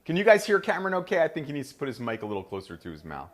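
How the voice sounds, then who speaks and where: A man's voice: fairly high pitch, huge pitch swings, very fast. A middle-aged man with a New Jersey accent, hosting a live cooking demonstration in a kitchen and chatting enthusiastically to viewers. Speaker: chef and host.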